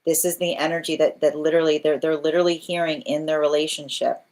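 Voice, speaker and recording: A woman's voice: low-pitched, steady tone, fast, a little mellow. A woman giving a live tarot reading, earnest and repetitive, often restarting phrases and checking in with "right?". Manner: restarts phrases while thinking aloud. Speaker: tarot reader.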